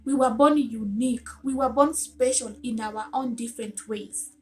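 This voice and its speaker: A woman's voice: fairly high pitch, moderate pace. A woman giving a motivational self-help talk to camera, earnest and coaxing, asking her listeners many rhetorical questions.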